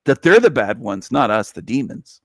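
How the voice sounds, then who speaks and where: A man's voice: mid-range voice, sing-song, normal speed, a bit bright, no echo. Preachy man with a dry sound. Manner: emphatic, preachy, repetitive. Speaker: livestream host. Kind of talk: live-stream monologue.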